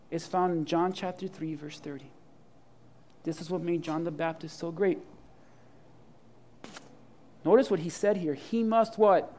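A man preaching a sermon with humor and imagined dialogue, swinging from loud to hushed. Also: high voice. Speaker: pastor.

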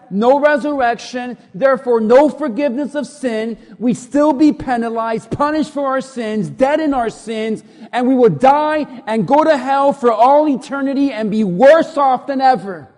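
A man's voice: very high voice, measured pace, darkish tone. A man preaching a sermon with emphatic, repetitive delivery, asking the congregation to repeat after him. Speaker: pastor. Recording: long reverb of a large hall.

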